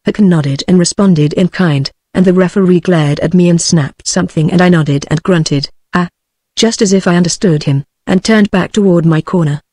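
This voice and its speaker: A text-to-speech female voice with a British English accent, narrating an audiobook in an even, machine-read manner. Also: fairly low pitch, moderate pace, hardly any pauses, no echo.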